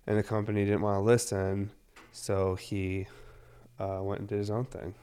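Rambling man in his thirties, low voice. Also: little pitch movement, a little fast, darkish tone, smooth. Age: 30s. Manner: loose, rambling, heavy on fillers, swears often. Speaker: cannabis vlogger. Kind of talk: casual rambling monologue.

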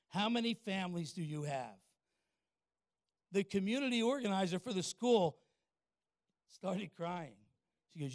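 An older man, a pastor telling a folksy story in a sermon and asking the congregation quick questions. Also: a little high, expressive, dry recording, clean studio sound.

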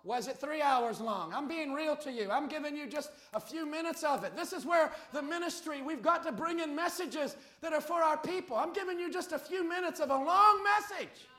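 A male pastor preaches with a very high, sharp voice that climbs into shouts. He hammers the congregation with rhetorical questions and repeated lines. The sound is roomy and echoey, recorded in a church. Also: normal speed, few pauses. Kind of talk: fiery sermon. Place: church sanctuary.

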